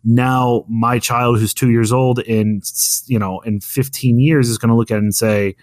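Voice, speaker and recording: A man's voice: medium pitch, steady tone, normal speed, darkish tone, no echo, studio quality. A man in his thirties, a podcast co-host telling a story in casual chat, rambling with many fillers and restarts. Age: 30s.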